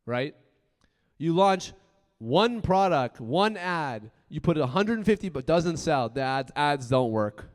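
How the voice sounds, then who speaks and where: A man giving a profane, punchy motivational keynote talk, swinging from loud bursts to quiet asides. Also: on the high side, very animated, takes it slowly. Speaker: conference speaker. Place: large conference hall. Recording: long hall reverb.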